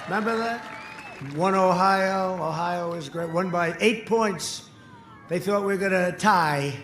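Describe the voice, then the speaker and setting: Older man, rally speaker, high-pitched voice, boastful and repetitive, booming echo over faint crowd noise. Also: unhurried. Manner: repetitive, boastful, swings from shouting to mutters. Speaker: political candidate at a rally. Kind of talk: rally speech. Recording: echoey open-air PA sound, faint crowd noise.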